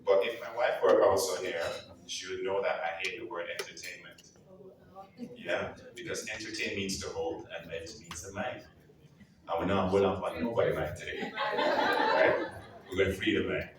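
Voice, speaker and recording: A man from Jamaica with a Jamaican accent, telling playful, emphatic stories in a lively speech to a live audience. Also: deep voice, normal speed, noisy background. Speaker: guest speaker at an anniversary event. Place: large event hall. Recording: echoey hall, far from the mic. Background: piano playing.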